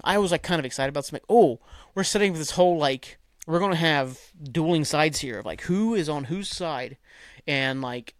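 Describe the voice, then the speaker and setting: A man with a fairly high voice talks alone on his podcast, rambling and cursing freely as he recaps. His speech is packed with "like" and "um." The sound is dry and close, with no room echo. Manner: rambling and profane, heavy on "like" and "um". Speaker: podcast host. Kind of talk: casual solo podcast recap.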